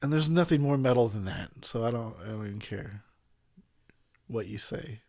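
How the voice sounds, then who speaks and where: Drunk guy, film commentary host, rambling and profane, laughing a lot, mid-pitched. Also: normal speed, vocal fry, darkish tone.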